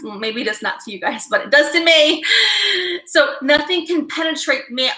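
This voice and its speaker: A woman tarot reader speaks to her live audience in a high, bright voice, her words halting and doubling back. She is fighting back tears throughout. The sound carries an echoey room around it. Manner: halting, repeats herself, near tears. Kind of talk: emotional livestream talk to viewers.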